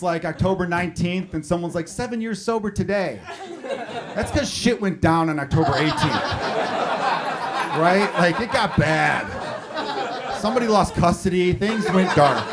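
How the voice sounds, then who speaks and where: A man in his thirties doing a stand-up routine on a comedy club stage, talking to the crowd in a conversational, profane way. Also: sits high. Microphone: handheld stage mic. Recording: live club, audience laughing. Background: audience laughter.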